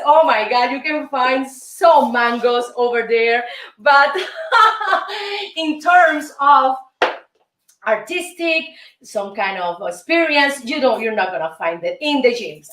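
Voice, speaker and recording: A woman's voice: on the high side, a bit bright. A woman with a Cuban Spanish accent teaching salsa steps, counting beats aloud and calling out moves in a chatty way. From Cuba. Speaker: dance teacher and show host. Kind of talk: salsa lesson. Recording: roomy, distant mic, music behind.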